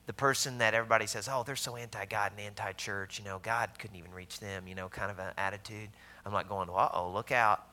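A man with a Southern US accent preaching a sermon, telling stories with loud emphasis and hushed asides. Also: fairly low pitch, fairly even intonation, fast, hardly any pauses, slight background noise. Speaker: pastor.

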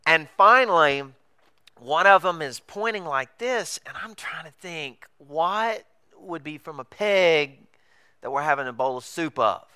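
A man's voice: on the high side, animated, a little slow, bright, forceful tone, clear, resonant tone, dry recording. A man telling a funny mission-trip story as a sermon, acting out the voices of people and laughing as he goes.

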